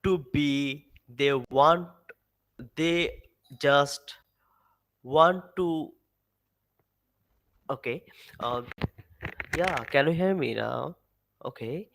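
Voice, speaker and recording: A man calling in as a guest, talking haltingly with restarts and frequent uh. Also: fairly high pitch, vocal fry, a bit bright, rough recording. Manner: halting, restarts and asks if he can be heard. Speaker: call-in guest. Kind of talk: casual remote call-in chat.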